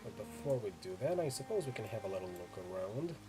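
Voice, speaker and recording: A man reading a video game's story aloud, steady and storytelling, with casual asides as he plays. His pitch moves in a lively, animated way. A faint ambient hum runs under the voice. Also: quick pace. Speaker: let's play narrator. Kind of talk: reading game text aloud.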